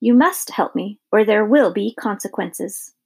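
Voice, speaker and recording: A woman voicing a proud, spoiled young princess with a high, haughty, demanding manner. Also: animated, measured pace, creaky, a little mellow, breathy edge, heavily acted. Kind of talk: audiobook character reading.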